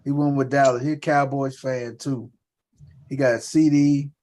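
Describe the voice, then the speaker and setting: A man co-hosting a live show, talking fantasy football picks in loud, profane, animated banter. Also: medium pitch, measured pace. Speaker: podcast co-host. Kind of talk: casual sports chat.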